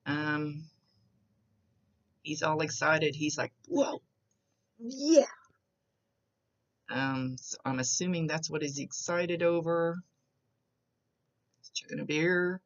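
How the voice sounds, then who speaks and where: Speaking slowly and pausing often, a woman with a low, flat voice talks a client through a psychic reading. She's chatty, describing her visions as they surface and repeatedly restarting. The recording is muffled.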